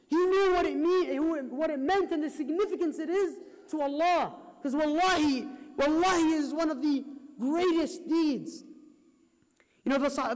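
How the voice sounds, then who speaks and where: A man with a very high voice delivers a sermon, urgent and impassioned as he pleads with the congregation. His words ring out with a long reverb, as if heard in a large hall. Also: darkish tone. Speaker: preacher.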